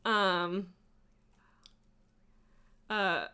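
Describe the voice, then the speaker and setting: Chatting casually with viewers on her live stream, a woman speaks in a mid-range voice at a moderate pace, with lively intonation and a bright, forceful tone. She meanders through tangents, laughing often, swearing and using fillers.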